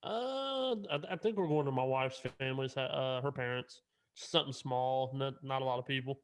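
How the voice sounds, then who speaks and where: A man joining a casual podcast. He talks softly and haltingly, set back from the microphone. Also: mid-range voice, clear, resonant tone. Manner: quiet, hesitant, mumbling. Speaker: podcast guest. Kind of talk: casual chat.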